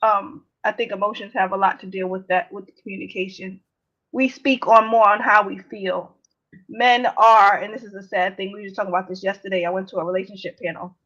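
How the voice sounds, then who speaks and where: A woman's voice: medium pitch, fairly even intonation, brisk, fairly bright tone. A woman guest on a podcast speaking earnestly in casual chat, at times hesitant. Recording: dull lo-fi sound.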